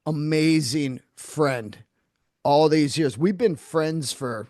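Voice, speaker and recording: A man's voice: a little high, slow pace, dry recording. Profane storytelling comedian man, dry sound. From San Francisco Bay Area. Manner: animated, profane storyteller who acts out quotes. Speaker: comedian guest. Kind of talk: casual storytelling interview.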